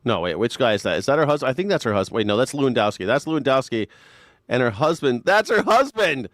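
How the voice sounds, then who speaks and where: A man's voice: medium pitch, sing-song, fast talker, a bit bright, dry recording, clean studio sound. A man hosting a live news reaction show, talking in a crude, sarcastic and mocking way. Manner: sarcastic, crude and mocking, slips into exaggerated mimicking voices.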